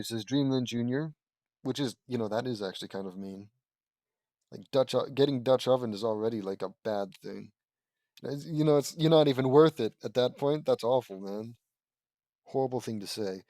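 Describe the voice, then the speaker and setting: A man's voice: mid-range voice, normal speed, a little mellow, no echo. A man casually reading a fan story aloud, breaking off into rambling, self-correcting asides. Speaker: audiobook reader and commentator. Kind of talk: casual read-aloud with commentary.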